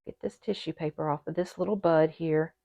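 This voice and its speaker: Excitable woman chatting at a table. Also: sits low, brisk, creaky, dry recording. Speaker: orchid channel host. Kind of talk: casual unboxing chat to viewers. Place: indoors at a table. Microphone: camera set on the table.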